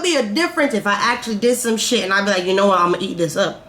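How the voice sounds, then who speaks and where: A young woman vlogger telling a casual storytime, animated and swearing as she acts out her own reactions. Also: medium pitch, fast talker. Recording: echoey room, faint noise.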